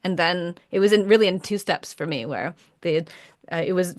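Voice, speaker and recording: A woman's voice: fairly low pitch, normal speed, no echo, studio quality. A woman hosting a coaching podcast, reflecting back on what her guest says and sharing her own experience. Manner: reflective, summarizing, encouraging listener. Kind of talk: conversational interview.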